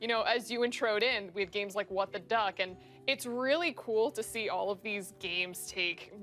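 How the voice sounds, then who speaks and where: A woman's voice: mid-range voice, normal speed, a bit bright, faint music behind. Playful woman on a gaming panel. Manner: playful, acts out her own reactions. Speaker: panel guest. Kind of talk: casual panel chat.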